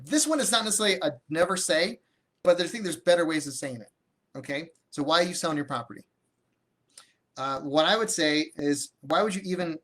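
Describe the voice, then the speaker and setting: A man with a high-pitched, somewhat bright voice teaches real estate deals live, reacting to comments from viewers. His delivery is lively and chatty, and he keeps backing up to restart what he's saying.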